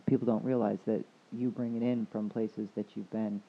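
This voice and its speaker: A woman chatting casually about energy and spirituality, telling a rambling story and quoting others with a lively voice. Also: a bass voice, moderate pace, husky. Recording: tinny phone-like line.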